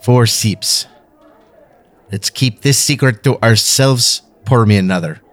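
A man's voice: medium pitch, lightly acted. A man putting on a South African whiskey taster. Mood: savoring. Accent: put-on South African. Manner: slow, savoring, theatrical sip-by-sip ratings.

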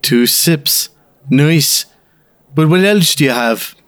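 A man voicing Angus, a gruff Scottish whisky judge, with a put-on Scottish accent. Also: a little high, expressive, takes it slowly, fairly bright tone. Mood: mock-serious. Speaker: co-host.

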